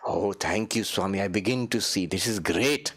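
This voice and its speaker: A man voicing an earnest, grateful male student in a low, pleased gush. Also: moderate pace, a bit bright. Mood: relieved.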